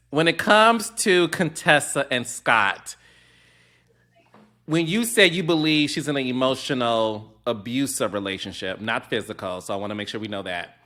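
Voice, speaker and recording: Bright-voiced male interviewer. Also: mid-range voice. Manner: probing, measured questions. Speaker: podcast host. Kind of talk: interview questions.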